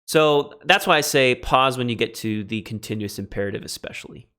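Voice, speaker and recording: A man teaches biblical Greek in an easygoing lecture, his voice bright and pushing forward. He thinks aloud, corrects himself, and leans hard on the key phrases. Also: medium pitch, brisk, clean tone. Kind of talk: casual classroom lecture.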